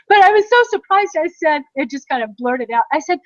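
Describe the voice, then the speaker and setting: A woman's voice: high-pitched, animated, fast talker. A middle-aged American woman co-hosting a podcast, telling a story in a chatty way with frequent laughs. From United States. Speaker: podcast co-host. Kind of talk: casual chat. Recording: dry, dull lo-fi sound.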